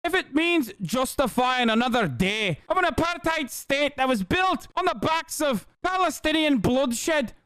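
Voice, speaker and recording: A man putting on a mocking, high, sneering impression of a woman commentator in a put-on Scottish accent. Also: expressive, a little slow, few pauses, fairly bright tone, no echo, clean studio sound, heavily acted.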